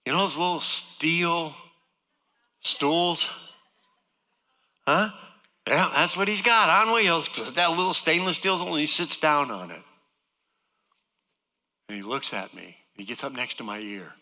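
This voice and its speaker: A man's voice: fairly high pitch, unhurried, pauses often, pushed and bright, long reverb tail. A man giving a folksy, joking personal testimony as a guest speaker to a church congregation.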